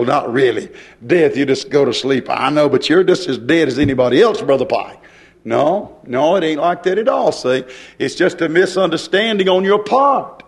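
High-voiced, fervent male preacher. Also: brisk. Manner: excitable, hollering preacher who mimics hecklers. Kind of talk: fervent sermon.

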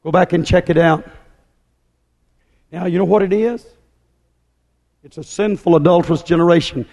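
A man's voice: high-pitched, normal speed, a little mellow. A man preaching a fiery sermon with an emphatic, hammering, repetitive delivery. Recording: long hall reverb.

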